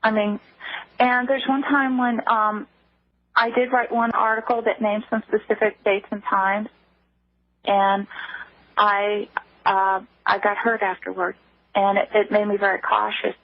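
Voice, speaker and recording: A woman guest speaking on a phone line in a radio interview, halting, with many restarts. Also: mid-range voice, level tone, no room sound. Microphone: telephone. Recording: tinny phone line, dry.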